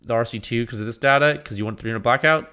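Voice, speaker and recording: A man's voice: mid-range voice, fast, bright, forceful tone, clean tone. A man hosting a podcast, talking in a casual, rambling monologue with exasperated rants, frequent laughter and quoted asides. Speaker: podcast host.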